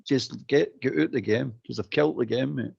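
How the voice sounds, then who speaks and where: A man's voice: mid-range voice, moderate pace, vocal fry, a little mellow, husky. A Scottish man calling a football phone-in show, ranting bluntly and repeating his points. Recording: dull lo-fi phone-in audio.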